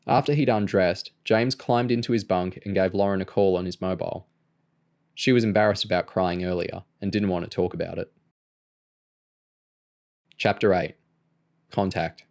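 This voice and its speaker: Low-voiced male audiobook reader. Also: fairly even intonation, moderate pace, pauses often, a little mellow. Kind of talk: audiobook narration.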